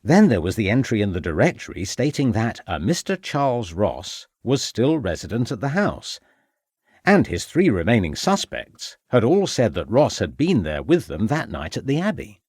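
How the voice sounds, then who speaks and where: A man narrating a mystery audiobook in a measured, expressive storytelling manner. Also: on the low side, breathy edge, dry recording, studio quality.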